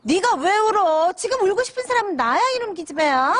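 An actress playing an exasperated middle-aged mother who scolds her crying daughter in a TV drama, shrill and rapid. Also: sing-song. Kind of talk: television drama acting.

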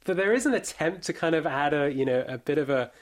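A man reviewing a film in casual chat, pausing often with fillers and restarts. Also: a little high, expressive. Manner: hesitant, many fillers and restarts. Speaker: film critic.

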